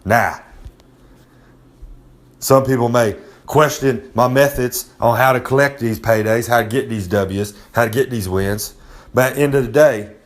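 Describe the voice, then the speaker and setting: A man's voice: mid-range voice, unhurried, close to an everyday voice. A man playing a cocky wrestler blowhard. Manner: cocky, rambling, talks down to listeners. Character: brash boastful male pro wrestler persona. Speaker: recurring segment host. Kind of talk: comedic rambling monologue.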